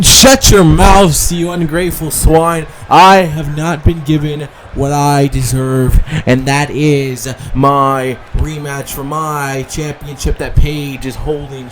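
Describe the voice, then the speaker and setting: A man's voice: fairly high pitch, slight background noise. A man playing a haughty wrestling diva. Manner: sneering, whiny, insulting the crowd. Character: haughty entitled woman wrestler demanding a rematch.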